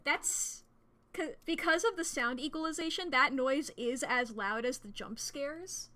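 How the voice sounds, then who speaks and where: Bright, high-voiced excitable woman streamer. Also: a little slow. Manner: excitable, swears freely, rambling. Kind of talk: casual gameplay commentary.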